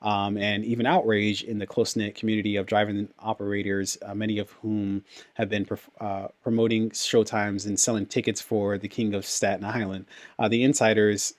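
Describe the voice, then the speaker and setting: A man's voice: lowish voice, moderate pace. A man co-hosting a casual podcast, reading news then riffing with profanity and slangy put-on voices. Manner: animated, profane, acts out slangy impressions. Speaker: podcast co-host.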